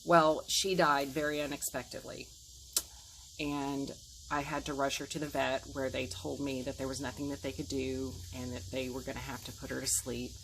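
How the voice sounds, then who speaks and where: Low-voiced woman in her forties telling her story. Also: little pitch movement, normal speed, fairly bright tone, slight background noise, low-quality recording. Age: 40s. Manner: earnest, emotional retelling with quoted dialogue. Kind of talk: personal storytelling to camera.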